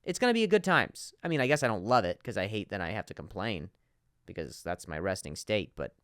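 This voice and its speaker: A man hosting a comedy podcast, ranting in an animated monologue with frequent stutters and asides. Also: on the low side, brisk, no room sound, studio quality.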